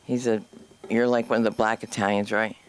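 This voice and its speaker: A woman's voice: a bass voice, little pitch movement, brisk, crowd noise. A woman hosting an open mic comedy night, chatting and teasing before she hypes up the next act. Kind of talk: casual stage banter. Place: comedy club stage.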